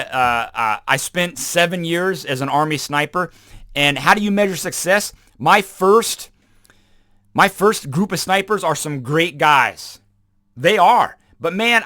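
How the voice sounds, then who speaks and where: A man hosting a motivational talk show, telling Army stories in a punchy, emphatic way with sudden loud bursts, often repeating phrases for emphasis. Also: high voice, expressive, a little slow, dry recording, clean studio sound. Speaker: podcast host and former Army sniper. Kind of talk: motivational storytelling monologue.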